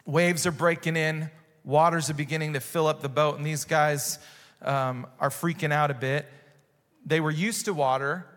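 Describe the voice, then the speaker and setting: A man with a high voice delivers a sermon, bringing the scene to life with dramatic voiced exclamations. His words ring out with a long reverb from a large church hall. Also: steady tone, normal speed, fairly bright tone. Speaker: pastor.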